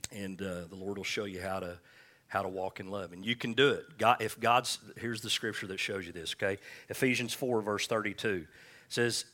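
Male pastor, lower register, pointed edgy delivery; casual preaching with jokes and call-and-response. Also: fairly even intonation, sharp tone. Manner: folksy, joking asides, scripture read slowly. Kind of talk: conversational sermon with call-and-response.

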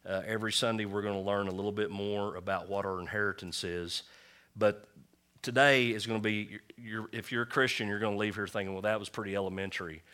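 A male pastor preaches in a church in a conversational way, calling out to the congregation for responses. His voice sits a little low but sounds bright and forceful. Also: steady tone, a little fast. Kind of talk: sermon.

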